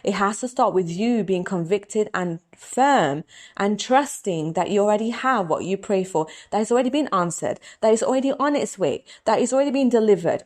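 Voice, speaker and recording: A young adult woman who works as a hypnotist and coach gives an earnest, repetitive motivational talk in a fairly low voice. It turns softly emotional when she prays aloud.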